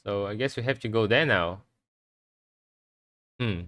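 A man's voice: on the low side, a little slow, a bit bright, a little hiss or hum, poor audio. Jumpy swearing man playing a horror game. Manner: jumpy, swearing, reads on-screen text aloud. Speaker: gameplay streamer. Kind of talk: horror game let's play commentary.

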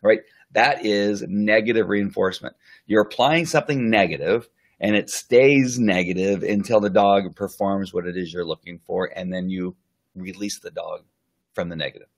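A dog trainer gives a casual, rambling live-stream lesson full of fillers and restarts, his voice sitting low. In quick asides he sometimes acts out what the dog is thinking.

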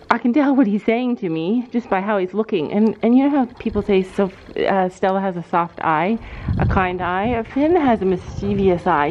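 A woman vlogging casually at a horse barn, chatting to viewers and soothing her horses. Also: mid-range voice. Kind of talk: casual vlog talk to camera. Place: horse barn and trailer, outdoors. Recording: slightly dull sound with faint noise.

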